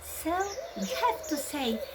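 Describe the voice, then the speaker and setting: A woman teaching English to young children, speaking in a slow sing-song and imitating animal sounds. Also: high-pitched, sing-song. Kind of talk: children's English lesson with songs. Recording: loud background noise.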